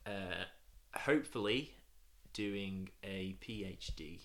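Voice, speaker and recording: A young man chatting casually on a podcast, laughing often and getting loud and animated when telling a story. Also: deep voice, slow. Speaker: podcast co-host. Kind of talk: casual chat.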